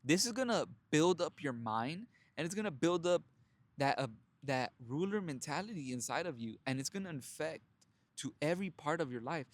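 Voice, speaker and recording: Fairly high-pitched and speaking at a normal speed, this young man animatedly relates his story in a motivational monologue. The self-help vlogger is crude and straightforward, laughing often and calling his audience brothers.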